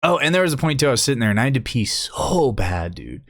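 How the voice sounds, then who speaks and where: A man's voice: mid-range voice, very animated, fast talker, fairly bright tone, dry recording, clean studio sound. A young man hosting a podcast, telling a rambling, profane story and laughing at his own jokes. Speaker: podcast host. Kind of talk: casual storytelling.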